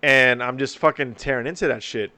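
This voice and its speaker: A young man talks on his podcast, swearing freely and telling stories with lots of energy. His voice sits at an ordinary pitch for a man. The chat is loose and casual. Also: brisk, dry recording. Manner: profane, animated storytelling. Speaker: podcast host.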